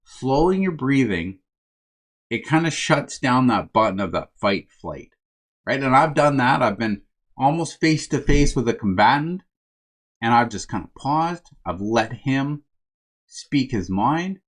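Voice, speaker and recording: Speaking in an unhurried, expressive, medium-pitched voice, a coach for first responders delivers a conversational self-help talk meant to motivate. He keeps asking "right?" and calls his audience "my friends."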